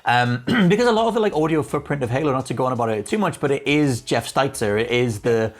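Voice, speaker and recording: A man with a mid-range voice who talks fast while hosting a casual gaming chat. He is chatty, quick to laugh, and keeps the talk moving. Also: mid-range voice, expressive. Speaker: host.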